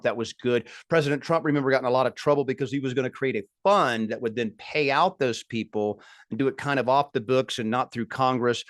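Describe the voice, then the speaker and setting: A man's voice: medium pitch, a bit bright, no room sound. Emphatic man, dry commentary monologue. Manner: emphatic, indignant, lists grievances in rising bursts. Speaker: political commentary show host.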